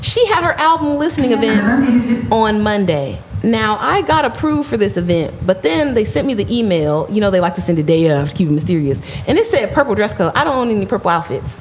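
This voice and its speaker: A chatty woman co-hosting a laid-back podcast, telling stories in a lively, animated way. Her voice sits at an ordinary pitch for a woman. A faint hiss of noise runs underneath. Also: brisk. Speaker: podcast co-host. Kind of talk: casual podcast chat.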